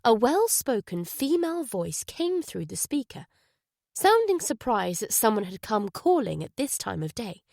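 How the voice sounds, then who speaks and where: A woman narrating a thriller audiobook in a measured, even way. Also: medium pitch, vocal fry, dry recording, clean studio sound. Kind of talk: scripted narration.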